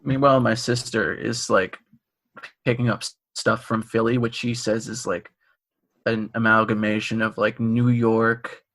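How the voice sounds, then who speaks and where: A man's voice: fairly low pitch, level tone, measured pace, fairly bright tone. A young man co-hosting a college radio podcast, chatting casually and laughing easily while telling stories. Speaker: podcast co-host. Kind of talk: casual chat.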